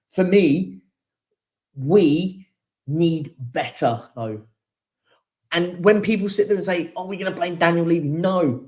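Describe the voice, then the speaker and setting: A young man hosting a live football reaction show, venting his frustration in a repetitive, emphatic rant. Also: fairly high pitch. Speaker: football fan channel host.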